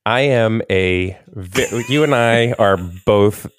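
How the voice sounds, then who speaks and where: A man's voice: fairly low pitch, slow, a little hiss or hum. A man co-hosting a podcast, joking and teasing in casual conversation. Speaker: podcast co-host. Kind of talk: casual chat.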